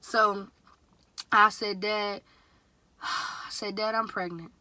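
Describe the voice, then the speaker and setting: A young woman in her twenties telling a casual storytime vlog, chatty and animated, slipping into a higher voice when quoting her dad. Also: slow, no echo. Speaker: vlogger.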